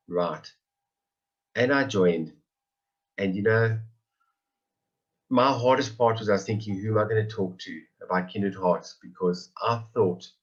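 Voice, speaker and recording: A man in his forties tells his own story in an earnest, heartfelt way and keeps circling back to the same phrases for emphasis. His voice sits on the low side. The call audio is dull and lo-fi. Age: 40s. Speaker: member giving a testimony. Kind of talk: emotional personal testimony on a call.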